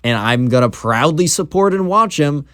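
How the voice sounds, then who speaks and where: A man's voice: fairly high pitch, lively intonation, moderate pace, a bit bright, dry recording, clean studio sound. A man voicing a smug, confident young male student who lectures his rival. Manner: cocky, lecturing.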